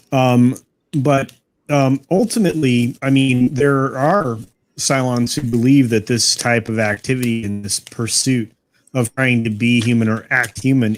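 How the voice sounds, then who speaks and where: A man on a podcast panel, talking hesitantly with many fillers and restarts. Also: mid-range voice. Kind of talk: casual podcast discussion.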